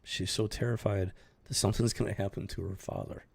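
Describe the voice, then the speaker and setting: With a steady tone and brisk pace, a man with a husky, deep, gravelly voice gives casual commentary on a news story for his channel. He keeps circling back and restarting phrases to push his point, earnest and unrehearsed.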